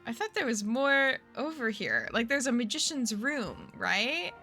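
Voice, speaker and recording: Woman streamer, high bright voice that swings up and down, unhurried casual chat over faint music. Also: sing-song. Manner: chatty, reads chat aloud, gasps and laughs often.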